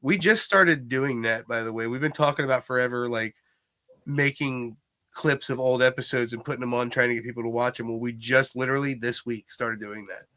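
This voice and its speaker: A man's voice: medium pitch, fairly quick, bright, forceful tone, no room sound. A man chatting casually on a podcast in an upbeat way. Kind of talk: casual chat.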